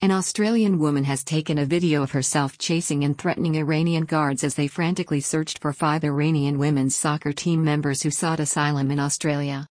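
Female news reader, deep-set voice, dead-dry booth sound, steady article read. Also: dry recording. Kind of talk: scripted news narration.

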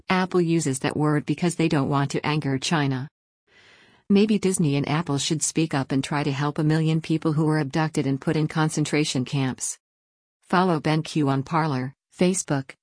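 A woman reading a news article aloud in a steady, even read-aloud delivery. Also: deep voice, normal speed, dry recording, studio quality.

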